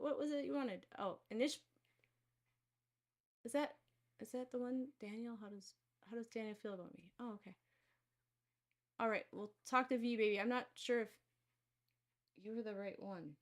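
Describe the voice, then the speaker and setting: A woman's voice: a little high, normal speed, pauses often. A woman hosting a live stream of card and pendulum readings, talking casually to viewers in a rambling way with many fillers and restarts.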